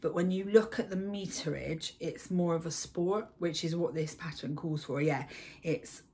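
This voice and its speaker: A young woman chatting casually about her knitting projects in a baby's room at home, gushing and breathy, with frequent ums. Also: lowish voice, normal speed, a little mellow. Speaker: knitting vlogger. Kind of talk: casual chat.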